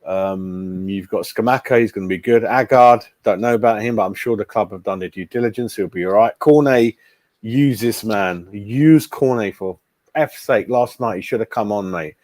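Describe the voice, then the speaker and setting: A man's voice: lowish voice, moderate pace, darkish tone, dry recording. A man hosting a casual fan live stream, chatting bluntly and calling everyone mate. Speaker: fan channel host.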